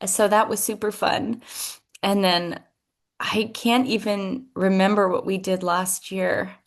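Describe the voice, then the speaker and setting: A woman's voice: medium pitch, flat delivery, slow pace. Woman hosting her own podcast; reflective, emotional, hesitant delivery with restarts. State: tearful at moments. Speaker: podcast host. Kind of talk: personal reflective monologue.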